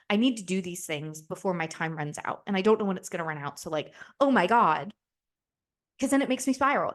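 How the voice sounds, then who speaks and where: A woman in her twenties chatting candidly on a podcast, rambling with lots of fillers and casual swearing. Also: on the low side. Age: 20s. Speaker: podcast host.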